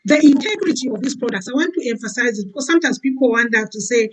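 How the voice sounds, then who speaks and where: Sex: woman. Role: guest giving a testimony. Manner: chatty, many fillers. Pitch: somewhat high. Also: animated, fast, hardly any pauses, low-quality recording. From Zambia. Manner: warm, filler-heavy, keeps saying "you know". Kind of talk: testimonial chat.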